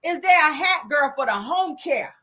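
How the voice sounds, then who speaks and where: A woman's voice: high voice, animated, moderate pace, pushed and bright. A woman hosting a casual celebrity gossip livestream, sassy and profane, laughing often and talking straight to her viewers.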